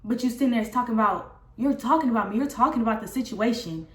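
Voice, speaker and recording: A young woman talks straight to her viewers in a casual storytime vlog, swearing freely as she lays out a falling-out. Her voice sits a little high. The room around her adds a noticeable echo. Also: fast. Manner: candid, profane, animated retelling of a dispute. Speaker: vlogger. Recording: roomy echo.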